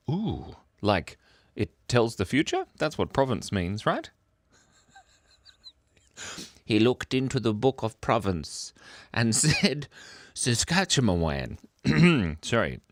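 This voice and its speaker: A man's voice: lowish voice, huge pitch swings, a little slow, no room sound. A man hosting a casual livestream chat, playful and silly, often giggling. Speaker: livestream host.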